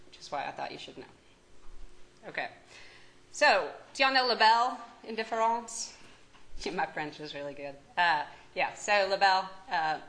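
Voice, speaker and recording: A woman's voice: mid-range voice, pushed and bright, low-quality recording. A woman with a Kentucky accent giving a medical lecture as a psychiatry professor, talking conversationally, joking and asking the audience questions. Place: lecture room.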